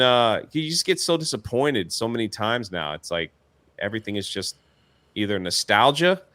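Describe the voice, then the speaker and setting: Bright-voiced man rambling in casual chat. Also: on the low side. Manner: rambling, trails off, laughs while talking. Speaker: co-host.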